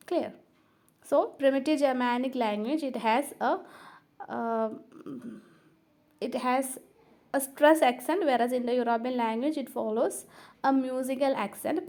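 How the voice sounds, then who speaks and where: A woman's voice: high-pitched, darkish tone. A woman teaching a recorded lecture, speaking hesitantly with many fillers and repeating each point to explain it.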